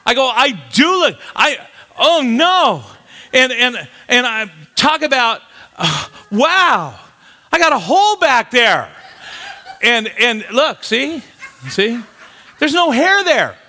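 A man's voice: very high voice, sing-song, slow pace, sharp tone. A man in his late sixties preaching a sermon, telling a funny personal story with lots of stumbles and repeated words. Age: 60s. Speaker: pastor.

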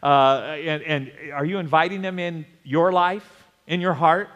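A male pastor preaching a sermon in a church, with lively bursts and chuckles. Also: on the high side, unhurried, in a large hall, highs cut off. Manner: animated preaching with sudden loud bursts and chuckles.

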